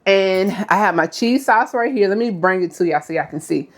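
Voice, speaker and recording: A woman's voice: mid-range voice, lively intonation, normal speed, slight background noise. A woman, chatting casually through a cooking demonstration and often calling her viewers y'all. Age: 30s. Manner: chatty, addresses viewers as y'all, frequent okay. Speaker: cooking vlogger.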